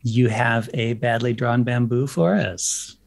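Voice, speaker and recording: A man's voice: medium pitch, takes it slowly, gravelly. Jokey self-mocking podcast host man. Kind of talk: casual chat.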